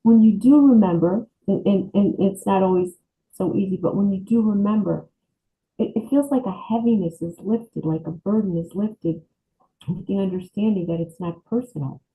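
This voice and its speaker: A woman's voice: mid-range voice, moderate pace, phone-quality sound, slight background noise. A woman sharing her thoughts in a group discussion, thoughtful and earnest. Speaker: group participant. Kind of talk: casual sharing.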